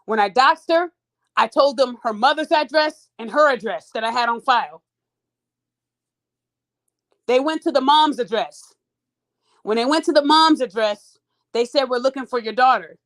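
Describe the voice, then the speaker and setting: A woman with a high, bright-pitched voice tells a story to her podcast listeners. Her delivery is casual and animated, and she keeps turning to them with "y'all" as she goes. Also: normal speed, pauses often. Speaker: podcast host.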